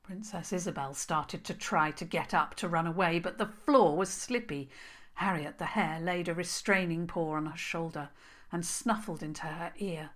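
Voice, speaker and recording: A woman narrating a children's story, slow and expressive. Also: lowish voice.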